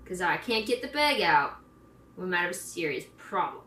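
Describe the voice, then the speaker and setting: A woman's voice: fairly low pitch, sing-song, moderate pace, bright, forceful tone, slight background noise. A woman vlogger chatting casually and poking fun at herself while she works on a craft project. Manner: chatty and self-deprecating. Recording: roomy, from a distance.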